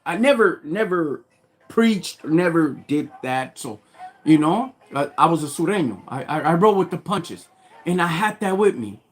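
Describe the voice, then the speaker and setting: A man's voice: fairly high pitch, lively intonation, normal speed. A man telling a story from his past on a live stream, heavy on street slang and getting fired up as he goes. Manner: street slang, gets fired up and loud when retelling. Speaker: livestream host.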